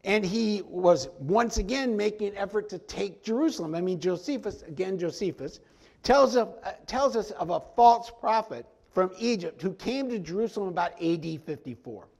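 A man preaching a conversational verse-by-verse sermon, animated and folksy, often stepping into the story to act out the characters. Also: high-pitched, normal speed, vocal fry. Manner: animated, acts out quoted lines in the story; folksy, frequent "I mean" asides. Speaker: pastor teaching a Bible study.

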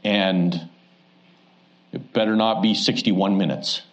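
A man's voice: fairly low pitch, slow, dull audio, slight background noise. A man, a pastor preaching a conversational Sunday evening sermon in a church, joking as he teaches. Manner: conversational and joking, with rising asides.

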